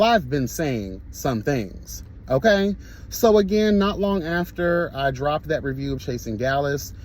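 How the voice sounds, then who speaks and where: A man with a notably high voice holds forth in a sassy, flamboyant reviewer's rant. He talks with theatrical drama, peppering everything with catchphrases and cussing, and sounds freshly sweaty from a workout. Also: a little mellow, a little hiss or hum, rough recording. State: sweaty from the gym. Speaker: online reviewer.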